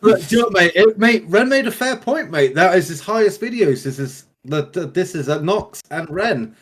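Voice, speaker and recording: A man's voice: high-pitched, animated, moderate pace, fairly bright tone, breathy edge. A man co-hosting a reaction video, enthusiastic and repeating mate constantly. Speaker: reaction channel host. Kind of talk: casual reaction chat.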